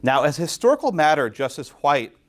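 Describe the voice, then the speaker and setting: A man lecturing a law class, quizzing students and tagging points with quick questions. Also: a little high. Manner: lively, quizzes students, frequent tag questions. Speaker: law professor.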